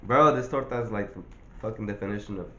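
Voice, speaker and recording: A young man chats laid-back into a phone camera, his voice sitting on the low side. He talks in a loose, profane street slang. The sound is dull and lo-fi, with a faint hiss behind it. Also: a little fast, a bit bright. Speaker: vlogger. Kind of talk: casual vlog chat.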